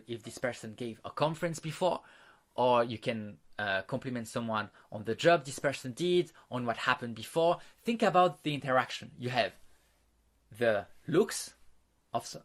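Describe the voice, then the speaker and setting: In an instructional talk to camera, a man with a mid-range, slightly bright voice teaches social skills step by step. His phrasing is slightly non-native, and his plain, repetitive delivery includes acting out sample lines in quotes.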